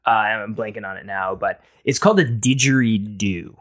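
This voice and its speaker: A man's voice: lowish voice, normal speed, fairly bright tone. A man co-hosting a casual comedic chat, rambling and hesitant with a playful edge. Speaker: podcast co-host.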